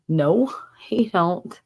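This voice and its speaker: A woman's voice: medium pitch, lively intonation, very slow, gravelly, darkish tone, husky. A woman hosting a casual live stream from home, retelling a story and laughing often. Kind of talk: casual chat. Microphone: streaming setup.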